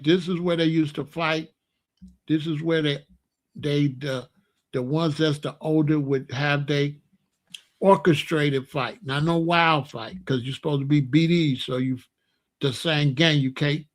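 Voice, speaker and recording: A man's voice: fairly high pitch, fairly even intonation, measured pace. An older man, telling stories in a rambling, casual way and pointing out places around him outdoors. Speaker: vlogger. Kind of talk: casual storytelling.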